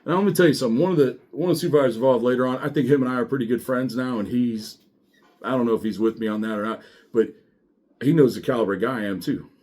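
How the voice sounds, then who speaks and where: A middle-aged man, a former sheriff's deputy, telling his story in a blunt, profane and animated way. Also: mid-range voice, very fast. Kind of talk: casual storytelling monologue.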